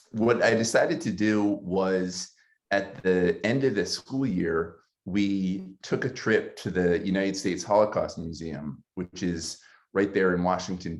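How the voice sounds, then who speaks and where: A man who is a city councilmember and former teacher tells a personal story in an earnest, halting way, with many ums. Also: sits low.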